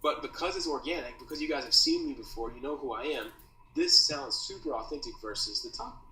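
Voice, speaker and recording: Casual dude teaching copywriting, bright lively voice, says bro a lot. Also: male voice, mid-range voice, fairly quick. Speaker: copywriting course creator teaching. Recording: roomy echo, mic at a distance, faint noise.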